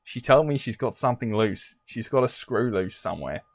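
A man voicing a rough, offhand Australian husband in a put-on Australian accent on a comedy podcast. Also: mid-range voice, animated, normal speed, dry recording. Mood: blunt.

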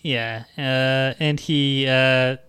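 A man's voice: medium pitch, steady tone, drawn-out words, sharp tone, clear, resonant tone, dry recording. A man in his thirties hosting a podcast, ranting and cursing casually while reading passages from a book aloud. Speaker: podcast host. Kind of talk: casual comedic book discussion.

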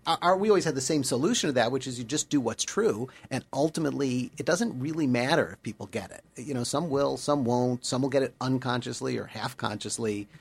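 A man's voice: medium pitch, fairly quick, gravelly, few pauses, husky. A man co-hosting a casual conversation, talking in a reflective way and thinking aloud as he goes. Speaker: podcast co-host, former spy.

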